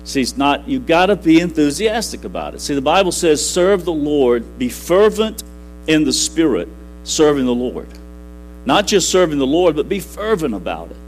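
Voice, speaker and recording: A man's voice: fairly high pitch, sing-song, moderate pace, faint music behind, poor audio. A middle-aged man preaching a sermon in a church, folksy and repetitive, building to emphatic peaks. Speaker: pastor. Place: church sanctuary.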